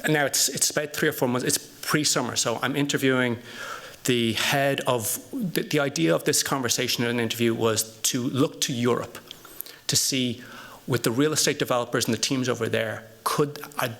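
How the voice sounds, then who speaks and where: A man speaking on a conference panel, with a gravelly edge to his voice. He talks in a storytelling way, building his point through anecdotes and rhetorical questions. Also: mid-range voice, moderate pace, a bit bright.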